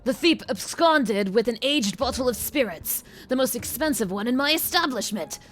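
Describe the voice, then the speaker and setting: A woman's voice: on the high side, expressive, normal speed, fairly bright tone, faint music behind. A woman reading as an indignant tavern keeper. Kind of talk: reading game dialogue aloud.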